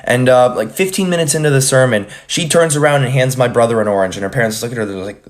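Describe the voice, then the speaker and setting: A man's voice: mid-range voice, fast talker. A man telling a funny anecdote in an easygoing, amused way. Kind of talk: casual anecdote.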